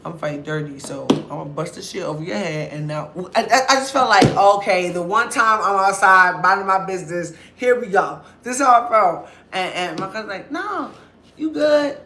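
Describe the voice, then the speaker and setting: A woman's voice: lowish voice, a little fast, few pauses, noisy background. A woman vlogger telling a story casually and with lots of energy, acting out other people's voices and swearing freely. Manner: animated, acts out others' voices, profane.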